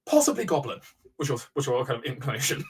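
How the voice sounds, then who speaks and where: A young man as dungeon master, narrating a tabletop game in a measured way with small restarts. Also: medium pitch, huge pitch swings, a little hiss or hum, low-quality recording.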